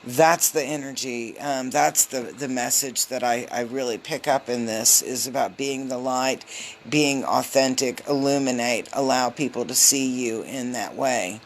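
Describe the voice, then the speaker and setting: A woman giving a casual live tarot reading on a phone, chatty and loose, with lots of filler ums and quick hellos to her viewers. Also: rumbling low, a little hiss or hum. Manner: greets viewers mid-reading. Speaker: tarot reader.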